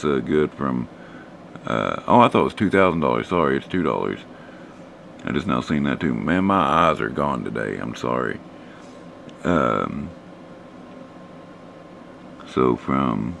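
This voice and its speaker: A man, hoarse and losing his voice, casually talking through stock charts for a live stream audience. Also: extremely low pitch, a little hiss or hum. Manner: relaxed, rambling, talks to chat viewers.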